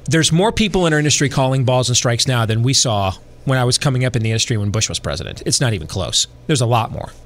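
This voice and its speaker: A middle-aged talk show host rambles loosely about politics on his casual talk radio show, hedging with fillers and restarting sentences as he goes. His mid-range voice has a fairly bright tone and lively intonation, and he talks fast with hardly any pauses.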